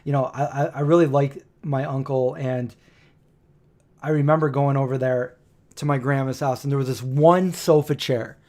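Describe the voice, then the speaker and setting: In his forties, this man hosts a live stream and tells rambling family stories, acting out the quoted dialogue. His mid-range voice is a little mellow, with fairly even intonation and a moderate pace.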